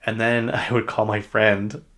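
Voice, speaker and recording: Chatting loosely about pop culture, a Utah-accented man hosts his podcast, rambling and dropping frequent fillers. He speaks a little slowly in a fairly low voice, with a level tone and a slightly bright quality.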